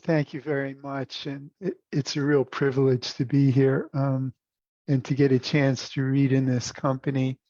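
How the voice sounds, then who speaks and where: Earnest guy about to read a poem, flat and slow, muffled dry audio. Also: medium pitch, no echo. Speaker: poet. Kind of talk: poetry reading introduction.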